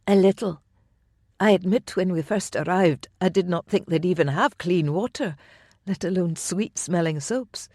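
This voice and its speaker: An audiobook narrator voicing a courageous young female noblewoman, in a soft, breathy manner, recorded dry. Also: medium pitch, moderate pace, dry recording, close to an everyday voice. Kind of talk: audiobook dialogue.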